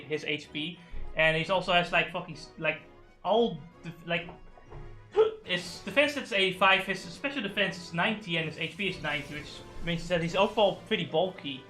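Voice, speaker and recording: A young man streaming a game live, rambling and swearing while he has the hiccups. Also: sits high. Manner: rambling, profane, excitable. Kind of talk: live gaming stream chat.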